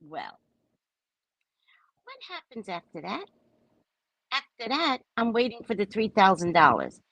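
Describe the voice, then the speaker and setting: Middle-aged female host, casual storyteller, pitch jumps high and low, slightly husky. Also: unhurried, dry recording. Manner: animated, dramatic retelling with swings between loud and soft. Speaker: spiritual reader and show host.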